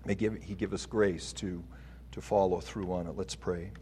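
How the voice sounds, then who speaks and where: A middle-aged man preaching a sermon, slow and deliberate, building to emphatic swells. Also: low voice, fairly even intonation, mellow, slight background noise.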